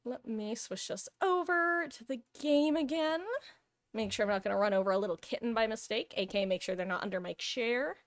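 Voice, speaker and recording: A woman's voice: a little high, a little fast. A woman streaming live, chatting casually and cooing over her cat between game talk.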